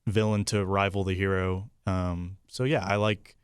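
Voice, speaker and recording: A young man talking casually on a podcast, laughing easily and filling pauses with "um." His voice is low and smooth. The sound is dry and close. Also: little pitch movement, no echo. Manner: easygoing, laughs often, many fillers. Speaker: podcast producer. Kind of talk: casual chat.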